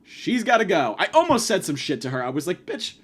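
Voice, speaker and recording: Profane ranting man, lively pitch. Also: quick pace, breathy edge. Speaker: podcast host. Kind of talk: comedic monologue rant.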